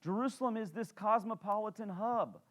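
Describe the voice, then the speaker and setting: Conversational pastor teaching a sermon. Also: male voice, high voice, moderate pace, a bit bright. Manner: conversational, many fillers, asks the congregation questions. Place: church.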